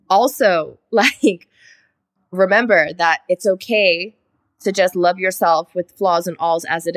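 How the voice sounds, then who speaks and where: A young woman co-hosting a podcast, a lively storyteller who acts out the lines she quotes and swears casually. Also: medium pitch. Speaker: podcast co-host. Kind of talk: casual chat.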